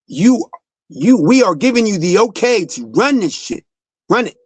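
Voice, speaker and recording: A man's voice: high voice, very animated, normal speed, breathy edge, no room sound. A young man hosting a sports talk show, delivering a fired-up, profane monologue that speaks straight to the player.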